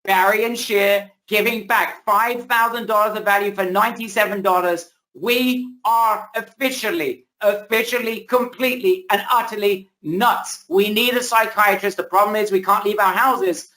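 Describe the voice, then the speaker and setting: A man hosting a live webinar, pitching energetically and repeating himself, losing his voice a little. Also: steady tone, moderate pace, few pauses, sharp tone, poor audio. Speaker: webinar host. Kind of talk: hyped live sales pitch. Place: home, indoors.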